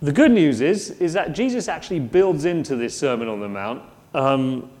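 A man's voice: fairly high pitch, animated, moderate pace, a little mellow. A man preaching a sermon in a conversational way, with rhetorical questions and frequent restarts. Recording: long hall reverb.

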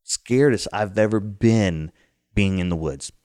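Male storyteller, low pitch, dry close sound, casual and animated. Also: measured pace, smooth, dry recording. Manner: animated, acts out the scares with sudden high outbursts. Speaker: guest telling a story.

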